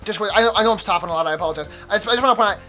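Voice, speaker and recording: A chatty young man gives casual let's play commentary, laughing and swearing as he stops again and again to rant. His voice sits at a middle pitch but comes across bright and sharp. Faint music plays beneath him. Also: very fast.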